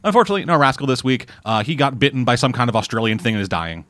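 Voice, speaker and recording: A man's voice: medium pitch, lively intonation, very fast, fairly bright tone, dry recording. A man hosting a casual movie podcast, joking and bantering with his co-host.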